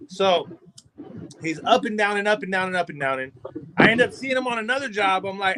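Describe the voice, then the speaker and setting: Podcast co-host, man, high voice, profane storyteller who acts out quotes. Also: a little fast, pushed and bright, slight background noise. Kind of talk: casual storytelling among friends.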